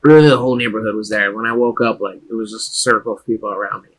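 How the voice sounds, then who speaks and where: A young man co-hosting a podcast in casual chat, laid-back and quick to laugh. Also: fairly low pitch, fairly even intonation, fairly bright tone, husky, low-quality recording. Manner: laid-back, laughs easily, drawls "dude". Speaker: podcast co-host.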